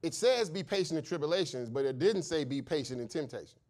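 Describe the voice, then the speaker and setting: A man preaching a sermon, impassioned and shouting at the peaks, asking questions and answering them himself, and telling stories with acted voices. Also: on the high side, expressive, quick pace. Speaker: pastor.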